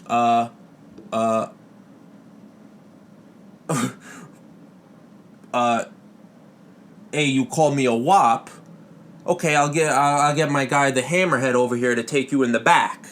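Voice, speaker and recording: A man voicing a touchy, menacing male Italian mobster shark in a comedy podcast bit, with gruff tough-guy threats. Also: medium pitch, steady tone, drawn-out words, pauses often, a little hiss or hum.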